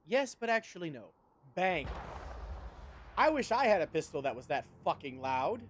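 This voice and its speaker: A man's voice: fairly high pitch, sing-song, moderate pace, a little hiss or hum. A man streaming a video game, chatting in a rambling, sarcastic way and swearing often. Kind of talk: casual game commentary.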